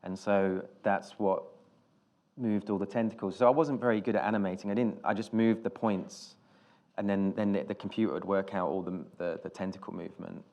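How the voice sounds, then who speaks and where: A British film director telling stories on stage in an interview, rambling and self-deprecating, with many restarts. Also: male voice, deep voice, steady tone, brisk, vocal fry, a little mellow, muffled recording. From Britain.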